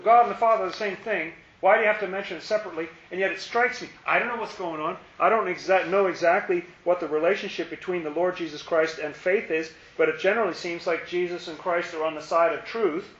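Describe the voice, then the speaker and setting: A man's voice: high-pitched, fairly bright tone. A man leading an informal Bible study, thinking aloud and asking rhetorical questions. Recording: roomy, dull lo-fi recording.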